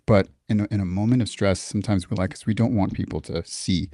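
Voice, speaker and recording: A man's voice: on the low side, quick pace, no room sound. A middle-aged man from Texas, a guest in a casual interview, telling stories candidly with profanity and many restarts. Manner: profane, candid, animated storyteller with frequent restarts. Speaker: podcast guest, military veteran.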